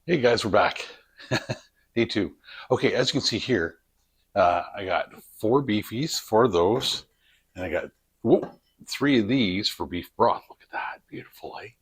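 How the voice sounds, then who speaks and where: Man, husky voice, chatty and jokey, home kitchen, camera on a tripod. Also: on the low side, lively intonation, slow pace, pauses often. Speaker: home cooking vlogger. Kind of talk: casual cooking vlog chat.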